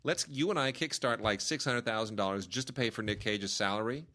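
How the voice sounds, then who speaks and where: A man with a somewhat low voice co-hosts a casual film review podcast. He talks with eager enthusiasm and often runs over his co-host's lines. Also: brisk, sharp tone. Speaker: podcast co-host.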